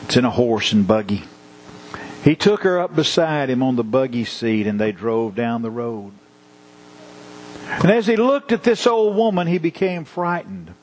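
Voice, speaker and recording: A man's voice: medium pitch, lively intonation, darkish tone, a little hiss or hum, low-quality recording. A man preaching a sermon with rhythmic repetition and illustrative stories. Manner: measured, rhythmic repetition; storytelling.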